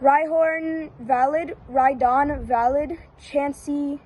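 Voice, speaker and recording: High-voiced woman giving slow verdicts. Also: low-quality recording. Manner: flat, repetitive one-word verdicts with brief hesitations. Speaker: YouTuber. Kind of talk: casual rapid-fire verdicts on a list.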